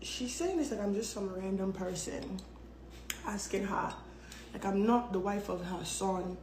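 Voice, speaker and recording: A woman's voice: mid-range voice, unhurried, darkish tone, reverberant, a little hiss or hum. A woman telling a story in a casual vlog, dramatic and blunt, with plenty of swearing. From United States. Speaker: storytelling vlogger.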